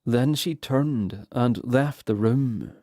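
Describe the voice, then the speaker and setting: Slow, mellow male audiobook narrator. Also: mid-range voice, no echo, studio quality. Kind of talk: scripted fantasy narration.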